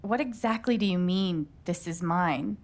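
A woman's voice: on the low side, a little slow. An actress playing a wry, sarcastic young woman, the heroine of a video game. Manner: dry, sarcastic.

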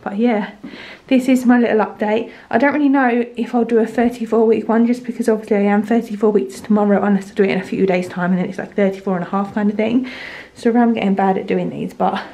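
Young woman, casual home vlogger, rambling and chatty with lots of fillers, mid pitch. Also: steady tone, quick pace, dark tone. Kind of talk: casual pregnancy update vlog.

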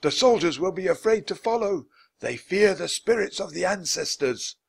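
A man's voice: high voice, animated, normal speed, gravelly, breathy edge, voice pushed up, heavily acted. A man voicing an anxious, urgent male scholar of ancient times in a storybook reading, speaking with pleading urgency.

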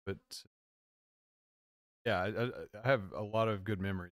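A man co-hosting a casual chat, rambling and halting with many fillers. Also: fairly low pitch, steady tone, a bit bright, dry recording, clean studio sound. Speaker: co-host.

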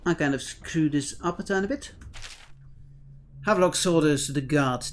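A man giving let's-play commentary in a loose, joking way, with the occasional mild curse. His voice sits a bit high for a man. Faint background noise runs underneath. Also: moderate pace. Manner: playful, chatty, with mild swearing. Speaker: gameplay commentator.

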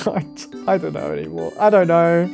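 A man's voice: a little high, normal speed, gravelly, darkish tone, faint music behind. A man hosting a casual meme reaction video. He speaks in short exclamations and laughs often. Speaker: YouTube reaction host.

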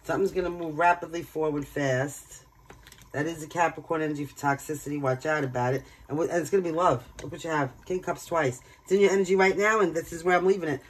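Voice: medium pitch, steady tone, fast, slightly rough, poor audio. A tarot reader from Brooklyn, giving a casual card reading in a blunt, emphatic way and swearing freely. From Brooklyn, New York.

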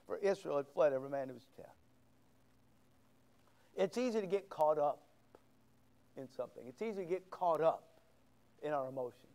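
A man's voice: fairly high pitch, darkish tone. A middle-aged man pastor preaching a sermon, quoting scripture with big swings of emphasis.

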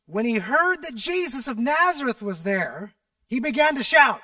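Pastor guy preaching, really high bright voice, mic kinda far off, dry sound. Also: moderate pace, dry recording. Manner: animated, acts out scripture voices, drops to a near whisper at times. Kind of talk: sermon.

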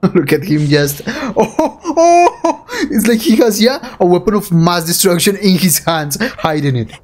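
A young man giving anime reaction commentary, excitable and emotional, swearing and often laughing while he talks. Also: sits high, measured pace. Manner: excitable and emotional, swearing, frequent laughter, calls the viewer bro.

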